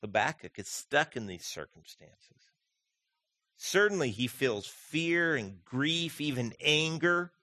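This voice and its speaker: A man's voice: on the high side, expressive, slow pace, pushed and bright, no echo. A man preaching a conversational sermon as pastor, often asking his listeners direct questions. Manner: conversational, asks the congregation questions.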